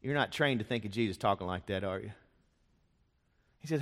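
Brisk and a bit bright, this pastor's voice sits on the low side. He preaches in a church sanctuary, telling the story with drama and acting out each character's voice. A long church-hall reverb surrounds his words.

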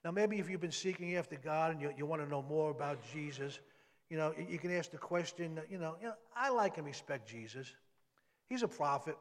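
A man delivers a sermon from the pulpit, his voice sitting a little high. He speaks conversationally, then leans hard on key words. The church hall carries a long reverb behind him. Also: brisk. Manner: conversational preaching with emphatic rises. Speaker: pastor.

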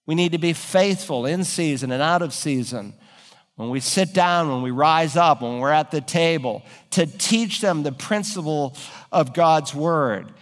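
A man's voice: fairly high pitch, a little slow, long reverb tail. A man preaching a sermon as pastor, building to emphatic raised peaks.

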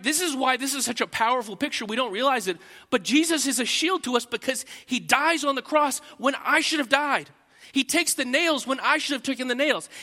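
A man preaching a sermon from the pulpit, his voice pitched high and edged with a bright, forceful tone. He pushes hard on key points, then pulls back to near-hushed, personal asides. A long hall reverb trails every phrase. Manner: swings between loud emphatic preaching and quiet intimate asides. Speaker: pastor.

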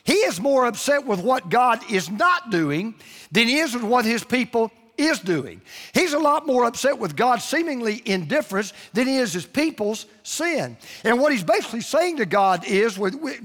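A man with a high voice delivers a sermon, pressing his points and drawing out key words for emphasis. His voice rings with the long reverb of a large hall. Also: animated, fairly bright tone. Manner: emphatic preaching, slowing down to stress key phrases. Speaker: preacher.

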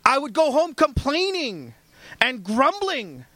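High-voiced male pastor, animated sermon. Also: slow pace, no echo. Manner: animated, conversational storytelling.

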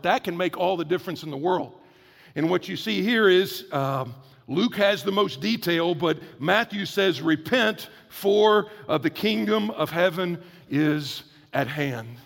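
Gravelly high-voiced preacher in a hall. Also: male voice, a bit bright. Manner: conversational, emphatic preaching with drawn-out stresses. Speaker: pastor. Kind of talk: sermon. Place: church.

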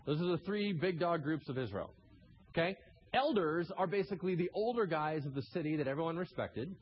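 A man preaching a sermon as pastor, animated, acting out scenes with sudden shouted asides. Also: fairly high pitch, a little fast, muffled recording, slight background noise.

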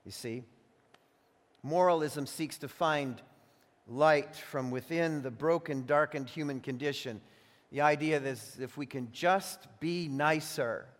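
High-voiced pastor preaching in a reverberant hall. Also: male voice. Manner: emphatic preaching, slows and stretches key phrases, restarts with doubled words. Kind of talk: sermon. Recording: long reverb of a large hall.

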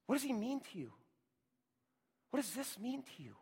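A pastor preaching a sermon, rising to loud emphatic lines and dropping to a hushed near-whisper. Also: male voice, extremely high pitch, sing-song, moderate pace, husky, long reverb tail.

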